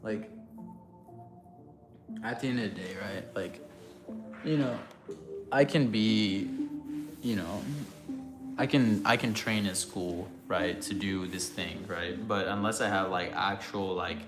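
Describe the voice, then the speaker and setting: A young man with a very low voice chats loosely on his livestream, rambling through answers to chat with plenty of fillers. His voice sounds roomy, with music playing underneath. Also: steady tone, a little slow, long pauses.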